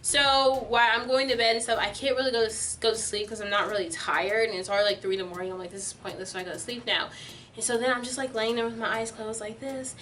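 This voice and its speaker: A young adult woman vlogger telling a storytime tale in an animated, filler-heavy way. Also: fairly high pitch, quick pace, few pauses, distant mic, a little hiss or hum. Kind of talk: storytime vlog.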